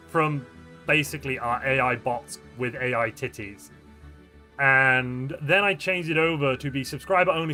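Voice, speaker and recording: Bright-voiced chatty male streamer. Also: a little high. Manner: chatty, answers viewer chat, playful and jokey. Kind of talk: live-stream chat while gaming.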